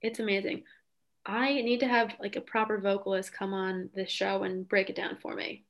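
A woman's voice: mid-range voice, level tone, normal speed, creaky. A young adult woman hosting a podcast in casual chat, talking enthusiastically with frequent "um" and "like". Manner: enthusiastic, lots of "um" and "like". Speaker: podcast host.

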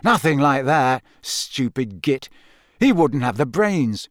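A man's voice: medium pitch, very animated, slow pace, no room sound. A man voicing a wry, dry-humored teenage boy prankster.

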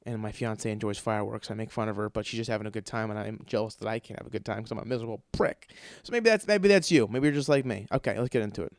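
Swearing and grumbling his way through a comic rant, this podcast host rambles and keeps restarting. He speaks fast with few pauses in a fairly low voice, recorded dry at studio quality.

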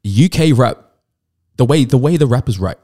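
A man's voice: mid-range voice, expressive, moderate pace, warm tone. A young Australian man with an Australian accent, chatting casually and rambling with many fillers and restarts. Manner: rambling, lots of fillers and restarts, swears freely. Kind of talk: casual podcast chat.

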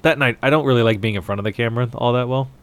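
A man co-hosting a casual podcast, relaxed and dry. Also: medium pitch, rapid-fire, clear, resonant tone. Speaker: podcast co-host.

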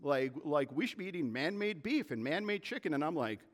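A man preaching a sermon as pastor, talking casually and getting worked up in quick, indignant bursts. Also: a little high. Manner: animated, gets worked up, fast bursts of indignation. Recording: long hall reverb.

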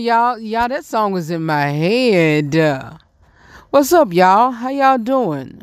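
Southern guy hosting his show, slow easy talk, smooth dry sound, keeps laughing n repeating himself. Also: high-pitched, expressive, dry recording. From North Carolina. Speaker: podcast host. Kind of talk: casual solo chat.

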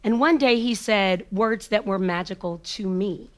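A woman speaker telling a personal story with an emphatic, repetitive rhythm and dramatic pauses, sometimes sinking to a hushed near-whisper. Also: medium pitch. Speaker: motivational speaker.

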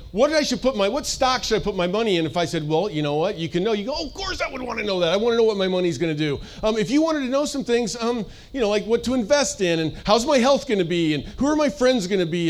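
Chatty high-voiced pastor. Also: male voice. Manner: chatty, playful, lots of "like" and "you know". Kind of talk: casual, joking sermon.

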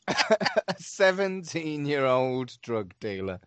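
Man, 40s, wry sweary podcast co-host, mid pitch, dry. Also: big pitch swings, slow pace, fairly bright tone, smooth, no room sound. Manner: wry, sweary, self-mocking. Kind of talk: casual chat.

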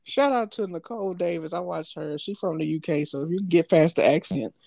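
A man's voice: fairly high pitch, brisk, vocal fry, darkish tone, no echo. A man co-hosting a podcast, talking loosely in slang and laughing often as he tells stories. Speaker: podcast co-host. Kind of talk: casual chat.

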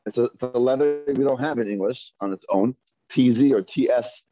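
A man's voice: medium pitch, moderate pace, mellow, highs cut off. A man teaching a Hebrew reading class, patiently sounding out syllables one by one for his students. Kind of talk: classroom lesson. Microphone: earpiece mic.

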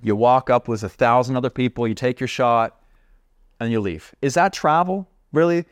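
A man who is a podcast guest, telling a story in an animated, chatty way with lots of asides. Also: mid-range voice, moderate pace, no echo. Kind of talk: casual storytelling.

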